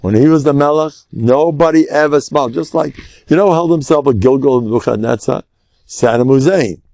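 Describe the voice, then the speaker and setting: An older man, a rabbi, teaching a lesson through lively storytelling, with Hebrew and Yiddish words mixed in. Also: mid-range voice, a little fast, dry recording.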